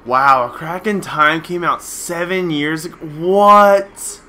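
A young man with a high, bright voice runs casual gaming commentary. He talks at an unhurried pace but swings his pitch widely. He laughs often, swears freely and bursts out in excitement. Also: a little hiss or hum. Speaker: let's play host.

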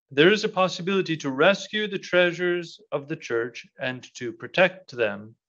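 Male prior, conference keynote, measured and reflective, hesitant in Q&A, slightly muffled recording. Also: fairly high pitch, fairly bright tone. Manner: measured and solemn in the speech, hesitant with many fillers in answers. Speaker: monastic prior giving a keynote. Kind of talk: formal keynote speech, then Q&A answer. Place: conference hall.

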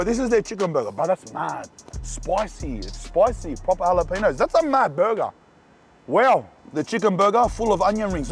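A young man with a Sydney accent reviewing burgers in a casual vlog, talking in loud slangy banter. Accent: Australian, Sydney. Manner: loud slangy banter, animated swings in pitch. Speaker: food reviewer and vlogger. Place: outdoors and in burger shops around the city.

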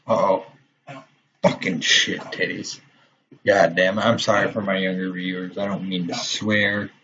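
A young man commentating his own gameplay, swearing often and quick to get frustrated. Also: deep voice, flat delivery, bright, forceful tone. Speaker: gaming channel host. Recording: dull lo-fi mic with faint noise.

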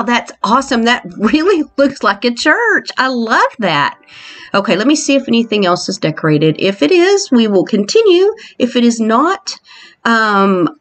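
A woman hosting a playful island tour in a game, excitable and mock-scared, exclaiming often. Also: on the high side. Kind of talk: playful game walkthrough narration.

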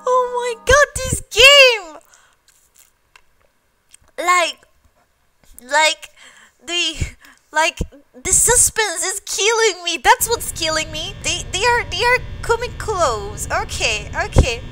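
A woman's voice: very high voice, expressive, slow, pushed and bright, a little hiss or hum, poor audio. A woman streamer reacting to a horror game, jittery and repeating herself, gasping and yelping.

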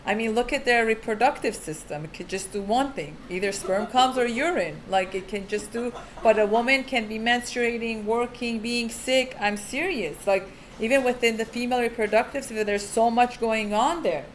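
A woman's voice: a little high, moderate pace, few pauses, slight background noise. A woman teaching religious family law in a casual, frank, chatty way, often saying "like.". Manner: chatty, full of "like" fillers; frank, down-to-earth. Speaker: teacher of Jewish family purity laws. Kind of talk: casual explanatory talk.

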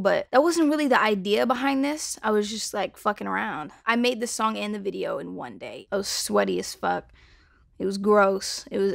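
A woman's voice: mid-range voice, vocal fry, dry recording, studio quality. A woman in her twenties, a singer talking casually about her song, loose and slangy with lots of "like" and swearing. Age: 20s. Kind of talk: casual talk to camera.

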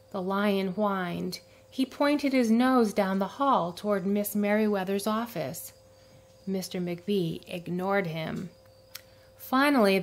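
Slow, gentle woman reading a storybook. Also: medium pitch. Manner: slow, gentle read-aloud with acted character voices. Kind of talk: reading a picture book aloud to children.

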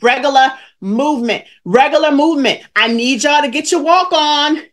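High-voiced emphatic woman coaching a live stream. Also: normal speed. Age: 40s or older. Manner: emphatic, preachy, repeats lines for effect; calls out viewers in the chat by name. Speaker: weight-loss coach hosting a live stream.

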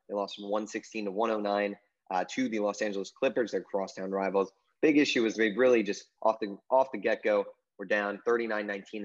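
A man with a lowish voice rattles off sports opinions at a quick clip as co-host of a casual podcast. He rambles and leans on fillers. The recording sounds dull and lo-fi. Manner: rambling, heavy on "I mean" and "you know" fillers.

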